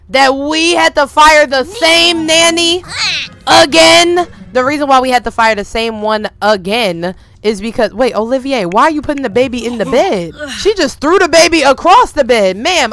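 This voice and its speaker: Bright-voiced woman streamer, slangy and animated. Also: fairly high pitch, no echo. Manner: animated, slangy, talks to her viewers. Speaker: gaming streamer. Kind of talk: casual gameplay commentary.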